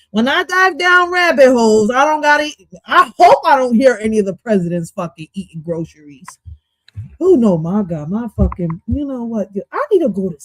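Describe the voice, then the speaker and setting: A woman streamer talks over a clip in a loud, swearing, restless way, hopping from joke to aside. Her voice sits a little higher than most women's. It's picked up close on a desk mic in a dead-dry space. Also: no echo, low-quality recording. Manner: loud, jumpy and swearing, jumping between jokes and asides. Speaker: livestream host reacting to an interview clip. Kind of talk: casual profane reaction commentary.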